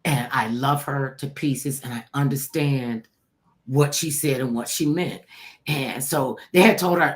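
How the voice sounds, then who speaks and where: Low-voiced older woman telling a lively story. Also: unhurried. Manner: animated, acts out quoted voices, laughs. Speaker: talk show host telling her story. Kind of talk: casual storytelling chat.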